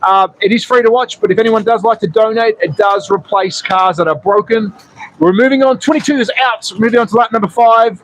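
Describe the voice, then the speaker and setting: A man's voice: high-pitched, normal speed. Chatty Australian man calling slot car races. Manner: chatty, jokey, talks straight to viewers. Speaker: slot car race livestream host. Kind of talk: live race commentary and viewer chat.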